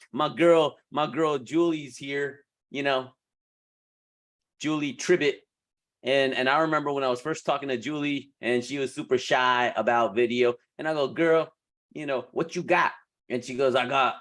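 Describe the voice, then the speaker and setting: A man coaching beauty professionals in a casual, animated way, laughing often and restarting his sentences. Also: medium pitch.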